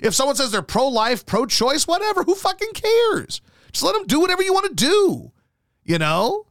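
A man's voice: very high voice, huge pitch swings, normal speed, a bit bright, no echo, studio quality. A man hosting a talk show, telling rambling, profane stories in casual chat. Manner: profane, rambling storytelling full of fillers. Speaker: show host.

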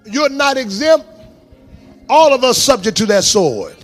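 High-pitched shouting preacher man. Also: big pitch swings, a little slow, faint music behind. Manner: shouting, exhorting the congregation with call-and-response commands. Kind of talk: fiery sermon. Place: church sanctuary.

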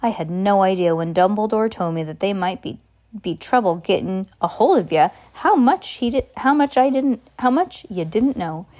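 A woman's voice: medium pitch, animated, moderate pace, warm tone, lightly acted. A woman voicing a big, kindly male groundskeeper who talks in a rustic dialect with dropped endings, in an amateur audiobook reading. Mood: worried.

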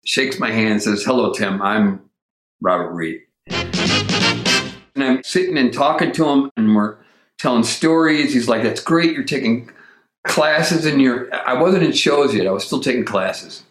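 Animated man telling a story, roomy sound. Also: medium pitch, unhurried, soft background music. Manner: animated, acts out quoted voices. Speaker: comedic actor telling a story. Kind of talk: casual storytelling.

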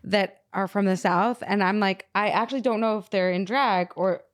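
A woman's voice: mid-range voice, steady tone, normal speed, no echo, studio quality. A woman hosting a casual interview podcast, asking curious questions and trading friendly banter with her guest. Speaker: podcast host.

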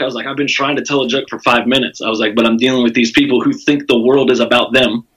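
A man's voice: medium pitch, racing, hardly any pauses, slightly rough, low-quality recording. A man, a stand-up comedian, telling a profane story in casual chat and acting out the people in it with a raised voice. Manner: animated, profane, acts out quotes with raised voice.

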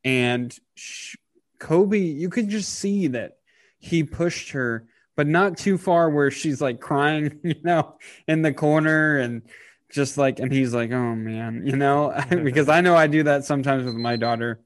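A man in his thirties talking casually on a podcast, halting with many fillers and getting choked up. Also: fairly high pitch, no room sound. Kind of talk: casual emotional podcast talk.

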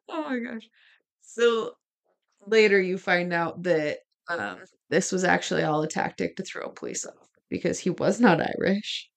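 Woman w a lowish voice reading true crime notes for a podcast, chatty little asides, talks w her hands. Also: moderate pace. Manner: gestures while talking. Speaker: podcast co-host. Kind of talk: casual true-crime storytelling.

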